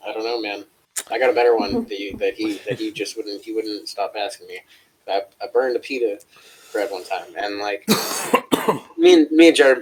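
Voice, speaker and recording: A man's voice: on the low side, slight background noise, poor audio. A man co-hosting a casual chat show, telling a long, profane story and acting out the people in it. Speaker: co-host.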